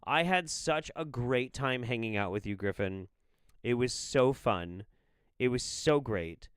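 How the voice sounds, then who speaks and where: A man's voice: mid-range voice, lively intonation, measured pace, smooth, no echo, studio quality. A middle-aged man hosting a casual livestream, reading viewer messages with an irreverent, profane, laughing manner. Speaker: livestream host reading superchats.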